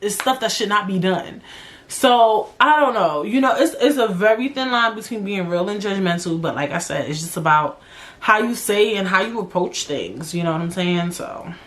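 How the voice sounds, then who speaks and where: Young woman, podcast host, casual solo monologue, blunt, swears freely, mid-pitched voice. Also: normal speed. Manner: blunt, profane, animated, drawling slang.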